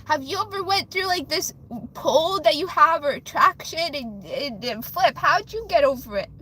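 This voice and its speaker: A woman's voice: high-pitched, lively intonation, normal speed, bright, forceful tone. A woman hosting a livestream with card readings, chatting casually and rambling emotionally straight to her viewers.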